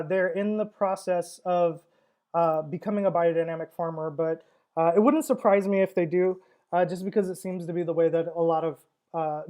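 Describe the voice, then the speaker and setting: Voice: mid-range voice, a little mellow. A wine seller hosting a casual livestream tasting, talking in a chatty, rambling way with frequent fillers and laughs.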